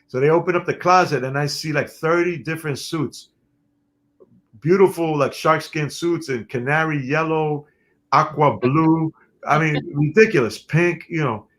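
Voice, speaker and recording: New guy telling stories on an interview, lively, laughs a lot, slightly higher voice. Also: moderate pace. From New York City. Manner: animated storyteller who laughs often. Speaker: guest musician. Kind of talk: storytelling in an interview.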